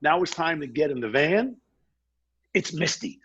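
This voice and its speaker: A middle-aged man, a guest on a podcast, telling a story in a fast, energetic way and acting out quotes. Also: fairly high pitch, husky, lo-fi sound. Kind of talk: animated storytelling.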